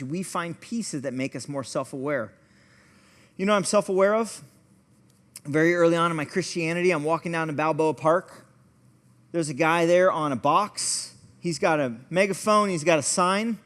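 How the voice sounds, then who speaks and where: A man teaches a church class in a fairly high voice, part lesson and part story. He talks in an easy, conversational way and often makes fun of himself. His voice carries a long echo from the hall. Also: normal speed, fairly bright tone. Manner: conversational, storytelling, self-deprecating. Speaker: pastor and family therapist teaching a class.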